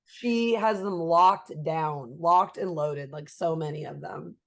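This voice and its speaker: A woman co-hosting a casual podcast chat, telling family stories with a quick, dry humor. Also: low voice, creaky. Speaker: podcast co-host.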